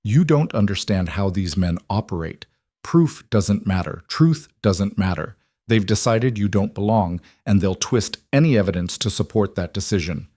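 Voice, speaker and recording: A man voicing a proud older foreign merchant and father who speaks flatly and grimly, in an audiobook romance. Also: on the low side, normal speed, no room sound, clean studio sound. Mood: weary. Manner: flat, grim and forceful.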